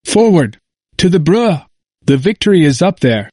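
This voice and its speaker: A man reading aloud and voicing a bold male mountain rebel commander who shouts his orders. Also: fairly high pitch, expressive, normal speed, no echo, clean studio sound, pitched above the performer's own voice, close to an everyday voice. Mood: commanding.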